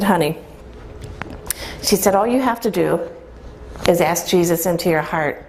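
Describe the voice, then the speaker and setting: A woman's voice: on the low side, a little hiss or hum. Woman telling a story to an audience. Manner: lively storyteller, quotes herself and others, asks the audience questions. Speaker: speaker telling her story. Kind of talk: storytelling talk to a live audience. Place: event room with an audience.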